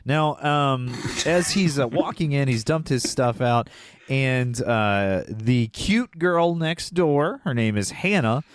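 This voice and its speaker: A man's voice: medium pitch, lively intonation, takes it slowly, noisy background. A man co-hosting a podcast, chatting casually and jokingly, rambling with lots of fillers. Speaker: podcast co-host. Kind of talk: casual comedic chat.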